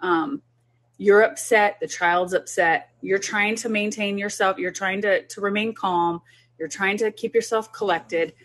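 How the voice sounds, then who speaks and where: A woman's voice: mid-range voice, steady tone, a little slow, fairly bright tone. A woman who is a child development specialist, talking parents through a group session in an earnest, instructive way.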